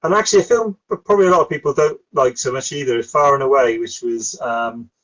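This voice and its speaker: A man's voice: mid-range voice, quick pace, fairly bright tone, muffled recording. A middle-aged man, chatting casually about films as a podcast host, with lots of fillers and frequent laughs. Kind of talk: casual film chat.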